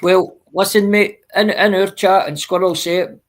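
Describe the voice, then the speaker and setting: A man's voice: sits high, steady tone, moderate pace. A man, a guest on a casual live-stream chat, earnest and swearing, calling people mate.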